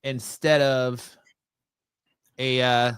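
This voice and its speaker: A man hosting a live wrestling chat show, relaxed and joking as he explains the news. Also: mid-range voice, drawn-out words, smooth, no room sound. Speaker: podcast host. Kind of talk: casual live-stream chat.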